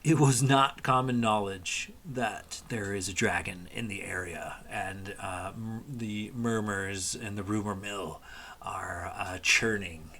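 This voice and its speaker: A man narrating a tabletop game as game master in a relaxed, rambling way with many fillers. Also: lowish voice, slow pace, slight background noise.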